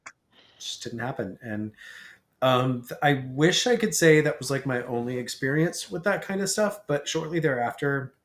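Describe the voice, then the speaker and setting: A man chatting as a podcast guest, telling a story in a lively way and acting out the lines of the people in it. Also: mid-range voice, normal speed. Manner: animated storyteller who acts out quoted lines.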